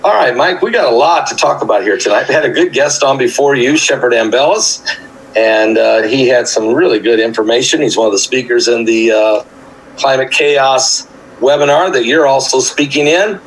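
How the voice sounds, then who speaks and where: A man's voice: mid-range voice, moderate pace, a little hiss or hum, rough recording. Easygoing man hosting a call-in show. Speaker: host and pastor. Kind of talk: call-in interview.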